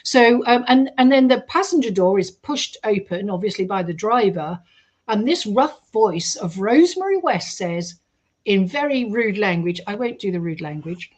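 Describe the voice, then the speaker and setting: A woman, a guest on a radio show, telling a story in a lively way and acting out the quoted voices. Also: medium pitch, normal speed, lo-fi sound. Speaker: guest researcher. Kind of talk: storytelling in an interview.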